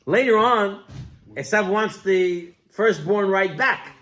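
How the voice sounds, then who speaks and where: A man's voice: high-pitched, slow, fairly bright tone. A man, a rabbi, telling a Hasidic story in a weekly Torah talk, acting out the characters' voices as he goes.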